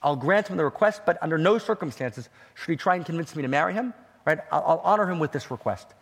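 A man voicing a defiant young bride who refuses her wedding, speaking in a raised, husky voice with a long hall echo. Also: sits low, lively intonation, fast talker, voice pushed up, exaggerated voice. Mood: firm.

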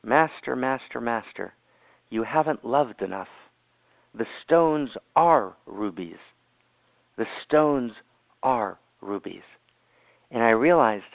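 A man voicing an old Hasidic master in a story, speaking in slow, hushed, awed repetitions. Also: on the high side, dry recording, lightly acted. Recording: tinny phone-line audio, dry.

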